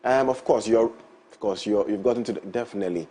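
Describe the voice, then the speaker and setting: A man's voice: on the low side, fast, dark tone. A man with a Ghanaian English accent speaking as a panelist in a studio discussion, thinking aloud with hesitant restarts. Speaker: show panelist.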